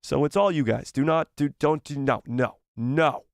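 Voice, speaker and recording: A young man hosting a casual live stream, reading viewer messages aloud in an animated, playful way and sometimes stumbling over the words. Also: a little high, moderate pace, gravelly, no echo, studio quality.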